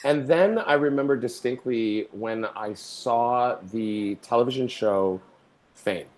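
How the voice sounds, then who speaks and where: Slow and a little mellow, the Canadian performer's mid-range voice carries his storytelling in this interview. The middle-aged guest dramatizes his tales, doing voices and singing bits.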